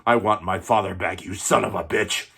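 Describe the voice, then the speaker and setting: A man voicing a grim, vengeful male swordsman with a husky voice in a one-man film recital. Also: low voice, steady tone, normal speed, full character voice. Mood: furious. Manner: intense, declaiming loudly.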